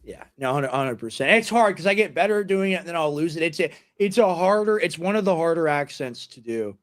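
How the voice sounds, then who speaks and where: A young man with an American accent hosting a podcast in casual, animated chat with mocking asides. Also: on the high side, fairly quick. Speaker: podcast host.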